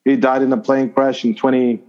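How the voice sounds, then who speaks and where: A man's voice: mid-range voice, level tone, normal speed, warm tone. Man telling a rambling personal story. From Zimbabwe. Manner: rambling anecdotal, with fillers and restarts. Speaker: interview guest, former cricketer. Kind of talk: conversational storytelling. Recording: slightly dull lo-fi audio.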